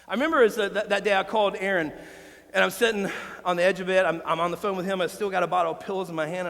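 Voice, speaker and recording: A man's voice: sits high, fairly even intonation, quick pace, a bit bright, big-room sound. A man preaching a sermon as pastor, candid and emotional, sharing personal stories with his congregation.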